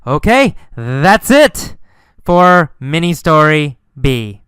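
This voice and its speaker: A man teaching a lesson, speaking slowly and emphatically, repeating key words and questions for learners. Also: on the high side, very animated, fairly bright tone, smooth, no room sound, clean studio sound. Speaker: English teacher. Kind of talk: slow English lesson narration.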